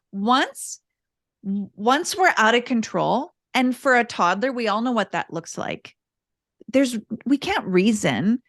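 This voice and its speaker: A woman with a fairly high voice talks calmly through parenting advice as a podcast guest, restarting phrases as she goes. Her voice is recorded very dry and close, with no room sound at all. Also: dry recording. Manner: calm, explanatory, repeats words while thinking. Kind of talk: casual interview talk.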